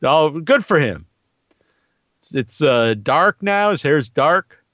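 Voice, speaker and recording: A man's voice: on the high side, animated, slow pace, a bit bright, no room sound, highs cut off. A man talking casually in a rambling, profane monologue about wrestling. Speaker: wrestling commentator.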